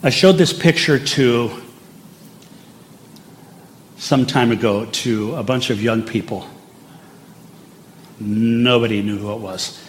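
Older male preacher in a relaxed storytelling sermon, full of asides; faint background noise. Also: medium pitch, takes it slowly, long pauses. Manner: conversational and anecdotal, with asides. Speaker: pastor.

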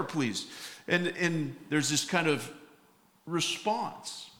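A fairly high, fairly bright male voice draws out its words in an echoey room as a pastor preaches. His sermon features comic anecdotes with acted-out quotes from each character, peppered with fillers and false starts.

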